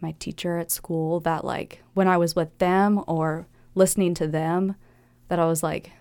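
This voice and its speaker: Gravelly young woman telling her story. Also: lowish voice, level tone, darkish tone, no room sound. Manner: candid, reflective, with quick laughs and acted-out quotes. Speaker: interviewee. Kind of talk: personal life-story interview.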